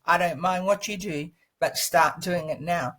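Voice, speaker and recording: A woman presenting a course lesson, telling a personal story in a lively way and encouraging the listener, speaking seated into a laptop microphone. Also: lowish voice, a little slow, low-quality recording.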